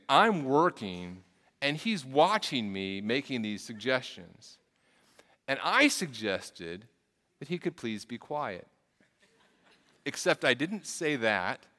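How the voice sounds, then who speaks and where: A man's voice: mid-range voice, very animated, slow pace, bright, forceful tone. A man preaching a sermon as a pastor, telling a story in an earnest way with frequent restarts and repeated words. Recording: long reverb of a large hall.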